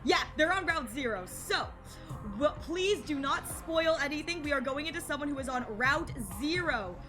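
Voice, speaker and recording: A woman's voice: high voice, normal speed, pushed and bright, faint music behind. A woman streamer chatting casually on a live game stream, gushing and emotional and often repeating herself.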